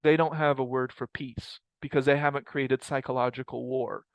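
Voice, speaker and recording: A man's voice: mid-range voice, steady tone, normal speed, dry recording, rough recording. A man leading a group study session on a mindfulness practice, talking in a rambling, reflective way and often correcting himself. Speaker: mindfulness teacher. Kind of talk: casual group teaching talk.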